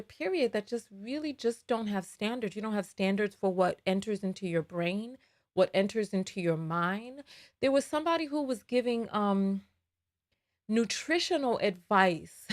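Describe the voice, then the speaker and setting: A woman's voice: mid-range voice, expressive, measured pace. A tired woman with a New York accent, hosting a frank, emphatic commentary monologue with frequent restarts. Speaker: host.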